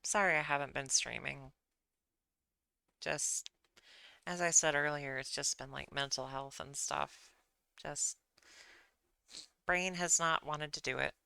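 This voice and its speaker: A woman's voice: low voice, steady tone, takes it slowly, gravelly, long pauses, pushed and bright, smooth, dry recording. A woman chatting casually on a livestream, rambling and self-deprecating, often apologizing. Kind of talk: casual rambling stream chat.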